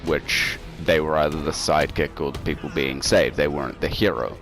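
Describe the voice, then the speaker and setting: A man with an extremely deep, low-pitched voice co-hosts a casual online chat show. He rambles through a story with plenty of ums and restarts, heard over an online call. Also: steady tone, normal speed, a bit bright, faint music behind. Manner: rambling, filler-heavy storytelling. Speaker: co-host. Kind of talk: casual podcast chat over a game stream. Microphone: home mic over an online call.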